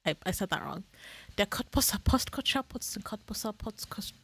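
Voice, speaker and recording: A woman's voice: medium pitch, moderate pace, fairly bright tone. A woman streamer chatting casually on a live stream, swearing freely and laughing at her own slips.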